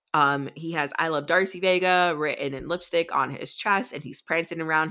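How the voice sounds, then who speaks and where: Young woman podcast co-host, low crisp voice, chatty and profane. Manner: animated, profane, chatty recapping. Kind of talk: casual book discussion.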